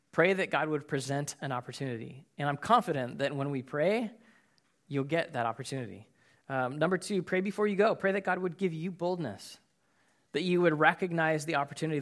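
A man's voice: on the high side, a bit bright. A man preaching a casual, conversational sermon, telling personal stories in an earnest way with many fillers and repeated words. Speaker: pastor.

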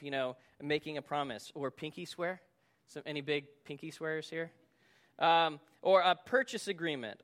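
A middle-aged man, a lead pastor, preaching a sermon and telling a lively personal story. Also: a little high. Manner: storytelling, animated, acts out shouting in the story.

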